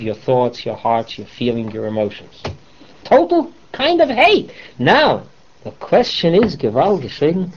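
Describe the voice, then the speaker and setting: A man's voice: fairly high pitch, a little mellow, a little hiss or hum. A man teaching a Torah class, switching between English and Hebrew terms and posing rhetorical questions to his students. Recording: dull lo-fi classroom recording.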